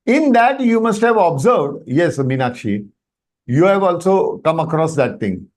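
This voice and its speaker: Very animated and a touch slow, a man with a fairly high voice teaches Sanskrit to students on a video call. He speaks English with an Indian accent, mixes in Hindi, and keeps asking questions as he explains in this online workshop lesson.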